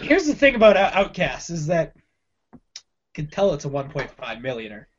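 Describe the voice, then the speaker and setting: A young man co-hosting a casual movie review podcast, emphatic and slangy, breaking into laughter often. His pitch swings widely and animatedly. The recording sounds dull and lo-fi. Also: huge pitch swings, moderate pace, slight background noise. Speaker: podcast co-host. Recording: dull lo-fi audio.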